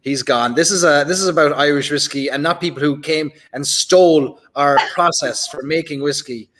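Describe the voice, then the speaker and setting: A man's voice: fairly high pitch, moderate pace, big-room sound, noisy background. A man hosting a casual chat over a video call, teasing and playful with his guest. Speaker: host.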